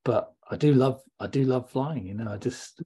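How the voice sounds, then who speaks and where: A podcast host with a husky, mid-pitched voice chats easily with his guest. He is relaxed and agreeable. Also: moderate pace. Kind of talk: casual chat.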